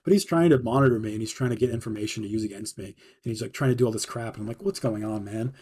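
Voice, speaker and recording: A man's voice: on the low side, racing, breathy edge. A man casually telling a personal story about a work dispute, swearing often and acting out the other people's lines. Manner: profane, animated retelling with quoted dialogue. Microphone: streaming mic.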